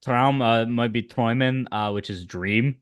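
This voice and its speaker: A man's voice: medium pitch, unhurried, no echo. A man co-hosting a casual podcast, talking loosely and chatting with lots of filler words. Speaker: podcast co-host. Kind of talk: casual chat.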